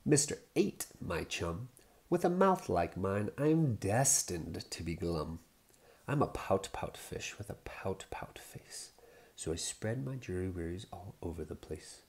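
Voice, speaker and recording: A man's voice: low voice, sing-song, a little slow, a little mellow, full character voice. A man voicing a gloomy, resigned male fish in a storybook read-aloud, with a mopey, half-whispered sing-song. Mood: glum.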